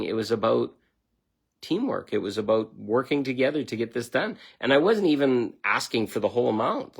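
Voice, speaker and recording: Gravelly-voiced blunt middle-aged man. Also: medium pitch. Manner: blunt, emphatic, swears freely. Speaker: self-help speaker. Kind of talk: motivational self-help monologue.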